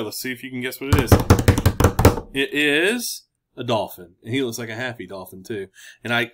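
A man's voice: medium pitch, fairly bright tone. A man teaching a recorded lesson to children, chatty and encouraging. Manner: chatty, encouraging, reads quotes aloud with emphasis.

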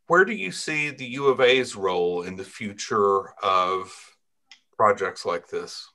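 A man's voice: on the low side, animated, a little slow, sharp tone. A man moderating a university panel, affable and asking questions.

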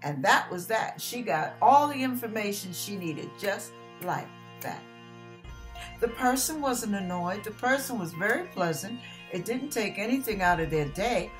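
A woman's voice: medium pitch, expressive, measured pace, soft background music. A woman giving a sermon as a personal story, acting out the voices of the people in it. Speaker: ministry speaker.

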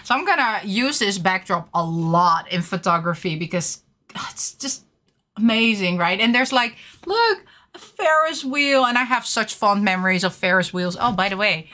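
A young woman casually showing off her collectible merchandise, gushing and excitable with frequent giggles. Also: medium pitch, moderate pace. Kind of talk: casual unboxing chat.

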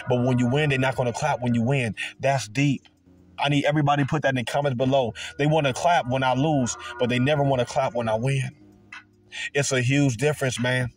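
Emphatic swearing motivational preacher man. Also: medium pitch. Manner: emphatic, repetitive, heavy swearing. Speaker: motivational speaker.

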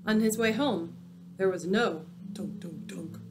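A woman reading a picture book aloud, dramatic and dropping into hushed, spooky tones. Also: medium pitch, unhurried, noisy background. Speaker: storyteller.

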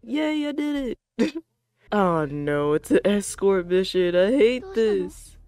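A VTuber streamer in casual live game-stream commentary, rambling and joking with lots of fillers and minced oaths, and bursting into excited yelling during gameplay. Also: mid-range voice, slow pace, no echo.

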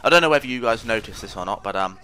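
A man's voice: medium pitch, expressive, rapid-fire, sharp tone. A man giving casual commentary over his own gameplay, rambling, mocking himself and trash-talking opponents. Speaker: gaming commentator.

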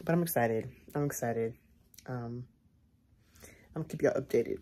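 A woman's voice: very deep voice, animated, slow pace, pauses often, darkish tone. A young woman vlogging casually at home, chatty and repeating herself, often calling viewers y'all. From Chicago area, United States. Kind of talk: casual vlog to camera.

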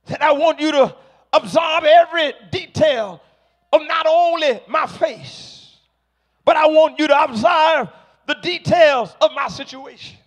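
Man preaching, very high voice, slow deliberate delivery, shouted emphatic peaks. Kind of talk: sermon.

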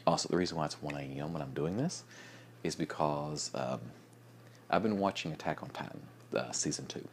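A young man chatting casually in a late-night vlog, sleepy and yawning, rambling with restarts and soft chuckles. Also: a bass voice, fairly quick, a little hiss or hum. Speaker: vlogger.

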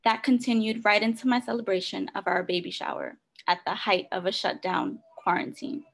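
A woman reads her own faith devotional aloud with sincere, earnest delivery. Her voice sits at an ordinary middle pitch for a woman. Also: a little fast, gravelly. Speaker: devotional reader. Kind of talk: reading a personal devotional.

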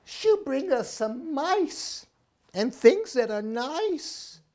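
A woman's voice: high voice, big pitch swings, extremely slow, darkish tone, voice pushed up, full character voice. A woman doing an anxious big sister owlet. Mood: hopeful.

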